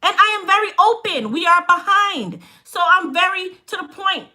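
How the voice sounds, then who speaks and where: Blunt, bright-voiced Chicago woman. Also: very high voice, moderate pace. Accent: Chicago with Jamaican touches. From Chicago, United States. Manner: blunt, straight-talking, animated. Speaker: hair care business owner. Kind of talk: casual live-stream storytelling.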